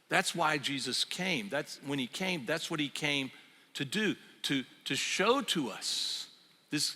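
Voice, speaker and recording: An older man preaching a sermon, telling the story in a lively, conversational way. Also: sits high. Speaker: pastor. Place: church sanctuary. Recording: reverberant church hall.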